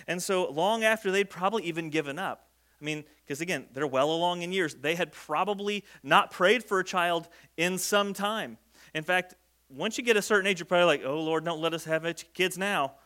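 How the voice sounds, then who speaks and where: A man's voice: sits high, sharp tone. A man preaching a conversational sermon, joking and acting out the people in the story. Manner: conversational, jokey, acts out quoted speech. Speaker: pastor.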